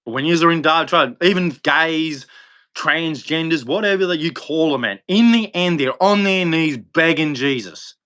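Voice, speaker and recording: A man hosting a livestream, delivering a rambling, impassioned religious monologue with sudden jumps in pitch. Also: normal speed, a bit bright. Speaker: livestream host.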